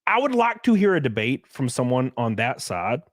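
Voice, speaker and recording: A young man hosting a podcast, chatting casually in an animated, ranting way and mocking others' voices. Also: mid-range voice, normal speed, no echo, clean studio sound. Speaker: podcast host. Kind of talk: casual opinionated chat.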